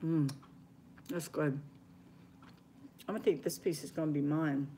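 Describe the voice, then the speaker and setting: A woman's voice: sits low, steady tone, unhurried, dark tone, a little hiss or hum. An older woman chatting homily to her viewers while she cooks in her kitchen, at times dropping to a near whisper. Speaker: homestead cooking vlogger. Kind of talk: casual live-stream cooking chat. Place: home kitchen.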